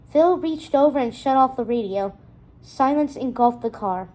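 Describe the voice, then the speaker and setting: Mellow woman reading a storybook aloud. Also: high voice, moderate pace. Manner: expressive storytelling narration. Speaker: storybook reader. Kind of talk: children's novel read-aloud.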